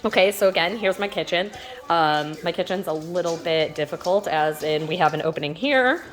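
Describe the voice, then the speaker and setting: Casting note: woman in her thirties, lowish voice, easygoing dog-training vlogger at home, rambles with fillers. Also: normal speed. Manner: chatty, loose, with fillers and restarts; sweet high baby talk to the dogs. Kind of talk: casual instructional vlog. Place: in her home, walking between rooms.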